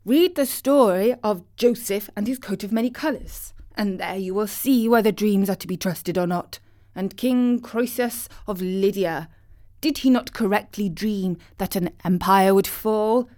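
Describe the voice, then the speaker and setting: A woman voicing a proud, excitable male rooster who declaims loudly and insistently. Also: mid-range voice, unhurried, lightly acted.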